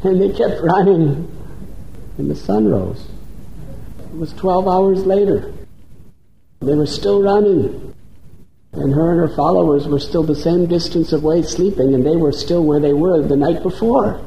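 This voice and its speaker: A man's voice: fairly high pitch, unhurried, vocal fry, pauses often, dark tone, slight background noise. A man telling a sacred story as a preacher, dramatic and building with repetition. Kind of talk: sermon storytelling. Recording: roomy echo, faint ambience.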